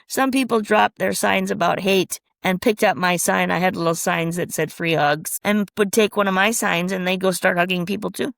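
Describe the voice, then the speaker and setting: A woman from Minnesota, a transformation coach, telling lively stories in an interview and acting out what people said. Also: medium pitch, moderate pace, gravelly, no echo, studio quality. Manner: animated storyteller acting out quoted voices. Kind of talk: storytelling interview answers.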